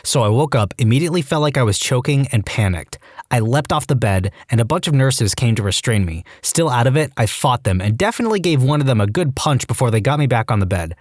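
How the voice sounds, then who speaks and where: A man narrating Reddit stories for a podcast, his voice swinging widely in pitch as he reads. The sound is close and dry, with no room around it, and he slips eagerly into acted bits of dialogue. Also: fast talker, no room sound. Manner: animated reading that jumps into high-pitched acted quotes. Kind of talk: reading Reddit stories aloud.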